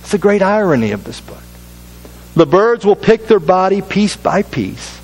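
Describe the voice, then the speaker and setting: A man preaching a sermon as pastor, repeating phrases for effect and dropping to a low hush at solemn lines. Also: big pitch swings, normal speed, low-quality recording.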